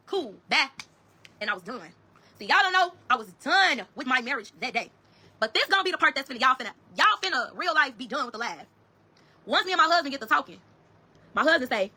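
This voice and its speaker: A woman telling her own story to viewers in a rapid, heated, profane way. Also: sits high, very animated, pushed and bright. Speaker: storyteller in a social media clip.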